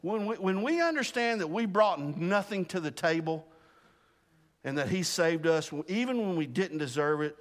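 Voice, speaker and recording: A man leading a casual sermon and Bible study, animated, repeating himself, restarting sentences and laughing at himself. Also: sits high, moderate pace, big-room sound. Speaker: pastor.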